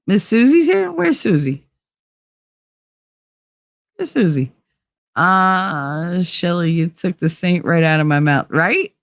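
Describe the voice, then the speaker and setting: A woman's voice: fairly low pitch, no room sound, studio quality. A woman hosting a casual livestream, rambling and chatting with her viewers by name. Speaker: livestream host.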